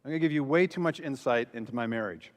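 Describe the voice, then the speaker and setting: A man's voice: mid-range voice, quick pace. A man speaking as a pastor at a conference, telling a story with lots of energy and acting out the lines he quotes. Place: large hall before an audience. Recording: long reverb of a large hall.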